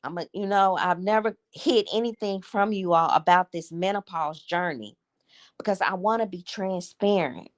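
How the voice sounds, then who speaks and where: A woman's voice: on the low side, moderate pace. A woman, hosting a candid livestream chat and confiding in her viewers with emotion. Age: 50s. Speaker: livestream host. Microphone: streaming setup.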